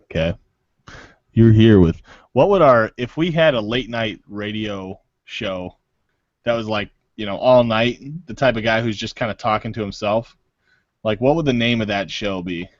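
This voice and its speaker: A man's voice: on the low side, normal speed, no echo. A man bantering goofily in a casual chat, speaking close to his mic on an online call. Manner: goofy, joking. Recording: dull lo-fi online call audio.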